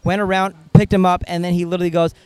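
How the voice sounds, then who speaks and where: A man, a comedian appearing as a podcast guest, telling profane, animated stories in casual chat. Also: high voice, rapid-fire, clear, resonant tone, no echo. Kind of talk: casual storytelling.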